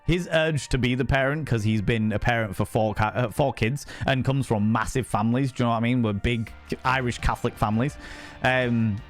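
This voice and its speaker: A man telling a story on a casual chat stream, animated and swearing freely, acting out what people said. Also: medium pitch, a little fast, soft background music. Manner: animated, swears freely, acts out quoted speech.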